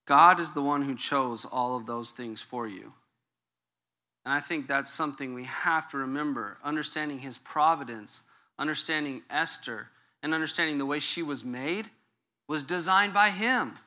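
A man's voice: on the high side, pushed and bright. A middle-aged man preaching a conversational sermon as a pastor. He jokes and keeps checking in with the listeners. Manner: casual and joking, checks in with the audience.

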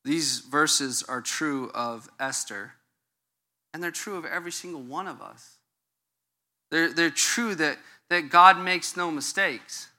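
Bright, chatty male pastor preaching. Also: on the high side, slow pace. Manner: casual and joking, checks in with the audience. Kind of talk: conversational sermon.

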